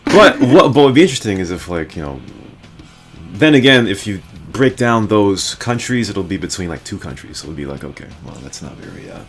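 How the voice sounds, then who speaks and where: A man's voice: fairly low pitch, very animated, brisk, fairly bright tone, faint music behind. A man hosting a casual podcast chat, rambling with many fillers and laughing often. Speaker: podcast host.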